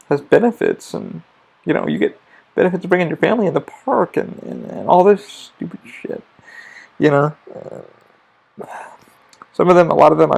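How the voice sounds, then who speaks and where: A man with a rough, crackling fry in a voice that sits a little high hosts his own podcast. He rambles loosely about theme park work, dropping curses and restarting his sentences as he goes. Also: darkish tone. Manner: profane, rambling, restarts often. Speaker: podcast host. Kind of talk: rambling casual monologue.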